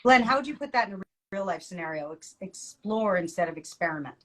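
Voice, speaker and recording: A woman co-hosting a podcast, telling a client story in a lively way and laughing often. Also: lowish voice, a little fast. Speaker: podcast co-host and coach. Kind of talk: casual podcast chat.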